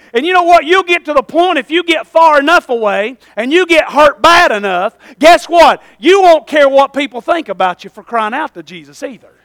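A man's voice: very high-pitched, expressive, normal speed, a bit bright, dry recording. A man preaching a fervent sermon as pastor, calling for amens and using folksy slang.

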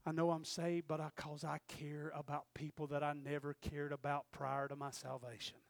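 A man preaching a sermon as pastor, swinging from quiet storytelling to fervent shouting. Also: fairly high pitch, little pitch movement, normal speed, gravelly, no room sound.

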